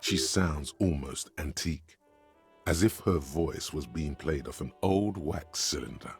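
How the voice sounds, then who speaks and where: An actor voicing a brooding, ominous narrator in a video game, speaking in a slow, solemn, descriptive way with a deep, gravelly voice. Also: male voice, exaggerated voice. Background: faint game music.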